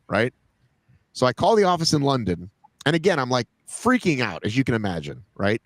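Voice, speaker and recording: A man's voice: medium pitch, very animated, a little fast, creaky, dry recording. A man hosting a podcast, telling a long story in casual chat, padding his talk with "like" and "right?". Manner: rambling, fills talk with "like" and "right?". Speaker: podcast host.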